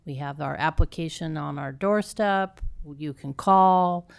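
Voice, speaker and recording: A woman with a notably deep voice speaks on a community health panel. Her tone is plain, informative and encouraging. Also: unhurried, gravelly, clear, resonant tone. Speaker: treatment provider on a panel. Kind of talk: panel discussion talk. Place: community town hall.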